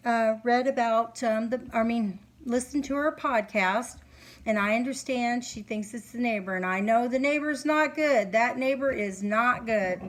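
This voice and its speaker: Middle-aged woman, sleepy psychic reader at home; earnest, halting delivery, a touch high. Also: low-quality recording. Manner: earnest, halting, many fillers. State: sleepy, yawning. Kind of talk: casual monologue to camera. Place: home, candles lit.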